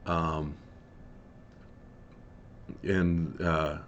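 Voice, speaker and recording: A man narrating as game master in a relaxed, halting way with many fillers. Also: very deep voice, muffled recording.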